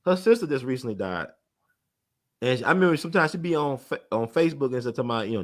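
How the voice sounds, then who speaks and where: Here a community organizer with a mid-range voice is the guest in a relaxed interview, recounting history at a quick clip. His storytelling is rapid and animated, and he owns up to talking fast.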